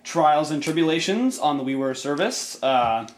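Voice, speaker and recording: A young man with a raspy voice, casually chatting and reading game dialogue aloud as let's play host. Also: on the high side, lively intonation, moderate pace. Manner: chatty, rambling, self-correcting. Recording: echoey room with game music.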